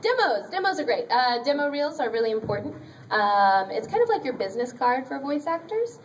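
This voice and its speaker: A woman voice actor with a high, very animated voice talks briskly on a convention panel, offering chatty, upbeat career advice full of ums and little laughs. The audio is a distant audience recording from a convention panel room with an audience present. A slight hiss or hum can be heard.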